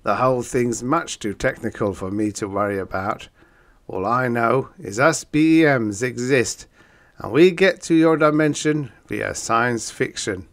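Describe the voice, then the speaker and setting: A man's voice: mid-range voice, a little slow, fairly bright tone, voice pushed up. A man voicing a wisecracking bug-eyed male monster in an audiobook, breezy and matter-of-fact. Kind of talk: audiobook character voice.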